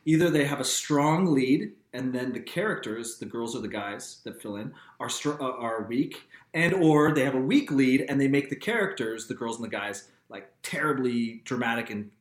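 A man, a guest in a casual interview, telling his stories in an animated way and laughing often. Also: mid-range voice, moderate pace, few pauses. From Canada. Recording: roomy echo.

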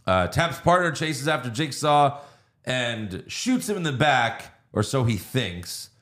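A man's voice: mid-range voice, very animated, slow pace, a bit bright. A man co-hosting a podcast, casually recapping a movie plot with fillers and swearing. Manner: recounts plot with fillers and acted quotes. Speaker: podcast co-host.

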